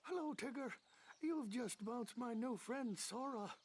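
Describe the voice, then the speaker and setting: A gentle, mild cartoon bear with a soft manner. The voice sits far above a usual male pitch. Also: a little slow, slight background noise.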